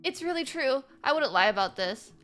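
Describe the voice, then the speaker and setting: A woman doing a dating-game protagonist who just doesn't care, flattened into a deadpan monotone. Her bright tone still comes through under the boredom. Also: sits high, moderate pace, soft background music. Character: deadpan young protagonist who cares about nothing.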